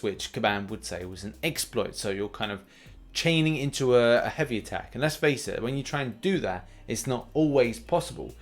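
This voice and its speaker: A young man hosting a mobile game news show, talking in a chatty, animated way with plenty of fillers and restarts. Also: medium pitch. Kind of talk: casual gaming news commentary.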